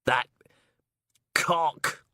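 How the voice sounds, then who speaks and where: A man's voice: fairly low pitch, animated, moderate pace, fairly bright tone, dry recording, studio quality. A male narrator voicing a foul-mouthed, brash female detective inspector, sarcastic and ranting. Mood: furious.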